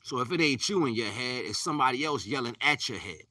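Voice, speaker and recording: A man's voice: mid-range voice, lively intonation, fast, few pauses, pushed and bright, dry recording, far from the mic. A man giving a live-streamed spiritual talk in a repetitive, preachy way, often dropping to a near-whisper. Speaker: spiritual teacher.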